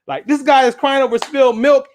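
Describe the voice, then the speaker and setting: Very high-voiced man telling a lively story. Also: fairly quick, a little hiss or hum. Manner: animated, speaks straight to the audience with "y'all" and "right?"; acts out small voices when quoting people in a story. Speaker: guest speaker and engineer. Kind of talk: lively storytelling talk at a symposium.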